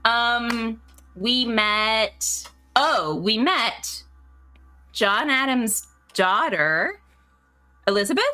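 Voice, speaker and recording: A woman's voice: fairly high pitch, lively intonation, very slow, pushed and bright, soft background music. Giggly woman recapping a game. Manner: giggly, rambling, playful. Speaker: co-host of a gaming stream. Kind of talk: casual chat recapping a game.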